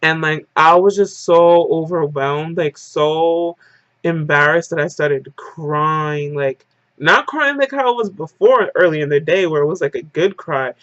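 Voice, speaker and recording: A woman's voice: sits low, a little slow, fairly bright tone, dry recording, lo-fi sound. A woman vlogger telling a casual story-time monologue, rambling and dramatic, with "like" in nearly every phrase. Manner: dramatic retelling.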